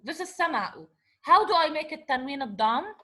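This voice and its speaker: A woman's voice: high voice, sing-song, moderate pace, bright, forceful tone. A woman teacher giving a patient lecture, often checking in with "okay?". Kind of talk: classroom lecture.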